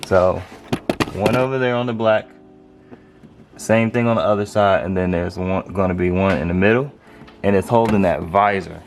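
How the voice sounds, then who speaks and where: With music playing behind him, a car DIY vlogger walks viewers through a casual how-to, chatting loosely while he works by hand and holds his phone to film. His low-pitched voice moves at normal speed with long pauses.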